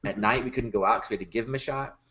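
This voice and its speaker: A puppet builder and performer chats casually on a podcast, telling stories packed with fillers and laughing easily. His medium-pitched voice comes out rapid-fire, pushed and bright, though the recording cuts off the highs.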